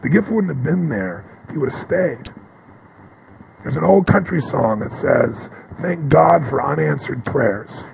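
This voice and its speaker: A man giving a motivational speech, telling stories with passion and swinging from loud bursts to hushed moments. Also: a little high, lively intonation, measured pace, gravelly, background noise. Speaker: motivational speaker.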